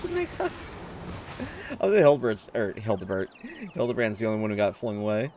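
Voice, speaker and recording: A man streaming his reaction to a game, excitable and quick to exclaim, often laughing. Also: lowish voice, slight background noise. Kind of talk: casual video game reaction.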